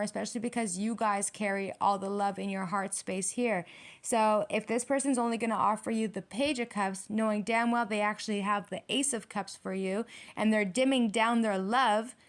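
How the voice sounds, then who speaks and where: A woman giving a tarot reading straight to her viewers, blunt and heated, swearing freely. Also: mid-range voice. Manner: addresses viewers directly. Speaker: tarot reader.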